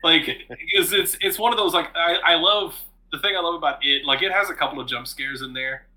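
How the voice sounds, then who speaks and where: A man with a very bright, forward voice pitched a little high. He recounts scary scenes in a casual podcast chat, animated and swearing freely, breaking into laughter often. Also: a little fast, poor audio. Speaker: podcast co-host.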